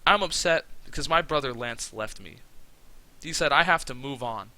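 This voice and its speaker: Bummed-out wrestler in a sit-down interview, bright tone, read by a man. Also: medium pitch, lively intonation, normal speed, no echo, poor audio. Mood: downcast. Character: downcast male wrestler abandoned by his brother.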